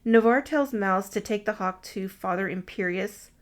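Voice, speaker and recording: A woman co-hosting a podcast recaps a movie casually in a medium-pitched voice at normal speed. She runs through the plot with wry, crude asides.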